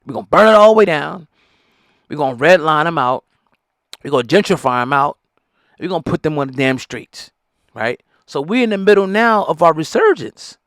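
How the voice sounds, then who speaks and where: A man's voice: high-pitched, fairly bright tone, dry recording, clean studio sound. A middle-aged man, giving heated, blunt, profane commentary. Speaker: hip hop news commentator. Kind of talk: opinionated commentary.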